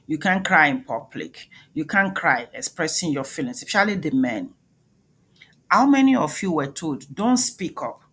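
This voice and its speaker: A woman's voice: deep voice, big pitch swings, moderate pace, a bit bright, slightly rough. A woman with a Nigerian accent giving an emphatic motivational talk, questioning the audience directly. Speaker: speaker, doctor.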